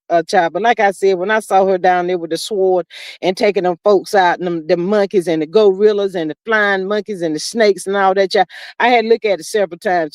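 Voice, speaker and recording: A woman hosting a casual livestream, reading chat comments aloud and riffing on them with sassy, animated commentary, calling viewers "child" and "honey.". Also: medium pitch, no echo.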